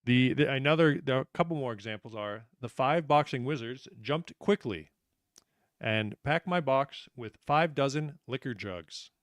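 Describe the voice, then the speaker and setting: A man's voice: medium pitch, animated, normal speed, no echo, clean studio sound. A man hosting a live trivia night, upbeat and joking, reading out questions and answers and teasing the players. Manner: upbeat, joking, self-deprecating.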